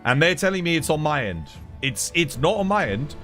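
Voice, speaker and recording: A man's voice: a little high, very animated, fairly quick, a bit bright, soft background music. Exasperated man streaming. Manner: exasperated, rambling, repeats himself. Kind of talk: casual live-stream chat.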